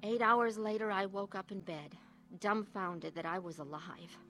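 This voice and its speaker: A woman's voice: medium pitch, steady tone, unhurried, a bit bright, soft background music, close to an everyday voice. A woman playing an earnest, troubled wife. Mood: reflective. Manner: earnest, confessional. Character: troubled middle-aged wife looking back. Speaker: narrator and lead. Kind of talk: radio drama testimony narration.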